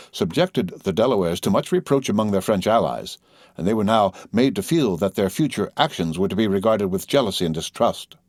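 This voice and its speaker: A man narrating an audiobook in an even, formal reading. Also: on the low side, dry recording, studio quality. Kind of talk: scripted narration.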